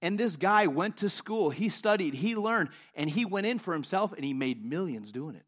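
A man with a high voice delivers a sermon, animated and full of stories, often breaking into laughter. He swings between loud bursts and hushed asides. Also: moderate pace. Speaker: pastor.

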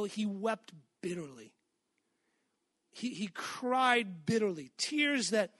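A man's voice: sits high, fairly bright tone, no echo. A man preaching an earnest, emphatic sermon, calling out to the congregation for amens.

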